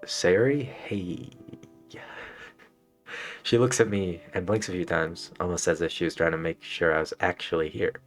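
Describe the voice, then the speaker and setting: Brief: male player narrating a story game, deep-ish voice, playful dramatic reading. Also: steady tone, normal speed, faint music behind. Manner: dramatic reading broken by laughing and joking. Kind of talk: reading a visual novel aloud.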